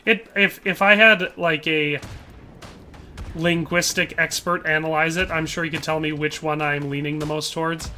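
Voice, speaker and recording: Young male streamer, casual banter, bright tense tone. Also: on the high side, flat delivery, normal speed, a little hiss or hum. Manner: chatty, jokey, tries mock Irish accents. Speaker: game streamer. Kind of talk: casual live-stream commentary.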